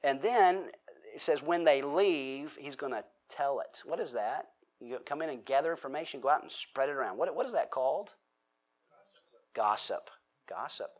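Man, sermon teacher, slightly high voice, chatty delivery that questions the crowd. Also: lively intonation, normal speed. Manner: conversational, asks the audience questions, acts out quotes. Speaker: pastor.

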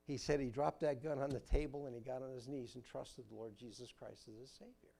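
A man preaching a sermon to his congregation with animated emphasis, asking questions and answering them himself. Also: mid-range voice, a little fast, creaky. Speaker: pastor. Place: church sanctuary.

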